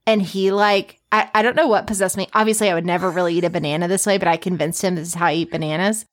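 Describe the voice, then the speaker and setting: Animated woman telling a funny story. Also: lowish voice, fast talker. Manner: animated storyteller, acts out quotes. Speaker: podcast co-host. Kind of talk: casual chat.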